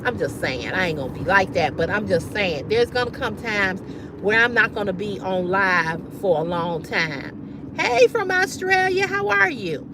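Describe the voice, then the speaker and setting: A woman's voice: fairly low pitch, animated, moderate pace, noisy background. A woman hosting a casual livestream, talking bluntly and with profanity straight to her viewers in a style. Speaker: livestream host.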